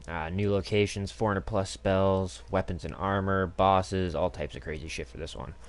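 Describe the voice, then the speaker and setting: A man's voice: sits low, steady tone, moderate pace. A man streaming a game live, giving casual commentary in a crude, profane, rambling way with lots of fillers. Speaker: gaming streamer.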